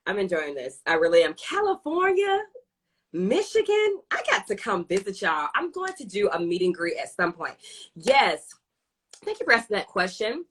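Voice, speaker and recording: Bright, bubbly woman hosting a live chat. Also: mid-range voice, expressive, measured pace. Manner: playful, hyped shout-outs to viewers. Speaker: show host. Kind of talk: casual live-stream chat.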